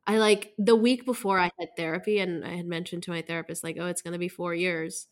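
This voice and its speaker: A woman in a casual conversation, talking in a halting, emotional way with many fillers. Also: fairly low pitch, fairly even intonation.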